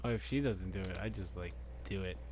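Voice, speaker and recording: A young man in casual chat who is quiet and laid-back and teases his friend with short chuckles. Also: low voice, brisk, slight background noise.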